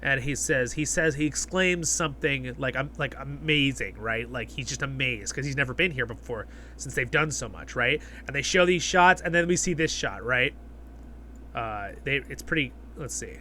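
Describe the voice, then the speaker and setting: A man hosting a casual episode review, excitable and geeky, retelling scenes with lots of asides. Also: medium pitch, moderate pace, slight background noise. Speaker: host of a review channel.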